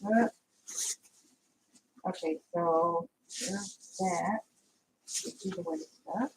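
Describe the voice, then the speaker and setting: A woman's voice: on the low side, drawn-out words, background noise. A woman vlogging a crochet tutorial in a casual, rambling way, talking to her viewers as she hunts for her supplies. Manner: chatty, scattered, talks to viewers while searching.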